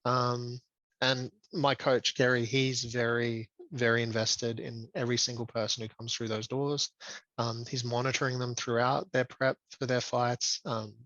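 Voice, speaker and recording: A man's voice: medium pitch, flat delivery, moderate pace, a bit bright, no echo, highs cut off. A man talking as a podcast guest in a reflective, casual way, with frequent ums and restarts. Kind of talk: casual conversational interview.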